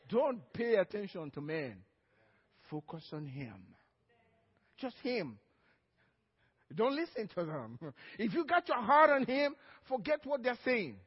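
A male pastor delivering an emphatic sermon and drawing amens from the congregation. His voice is strikingly high for a man. It carries through a long church echo on a muffled, dull recording. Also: slightly rough. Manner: emphatic preaching, calls for amen. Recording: dull, echoey church hall.

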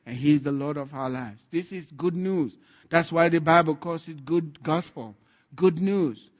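A man's voice: fairly high pitch, measured pace. A man preaching a sermon with fervent declarations and chuckling asides.

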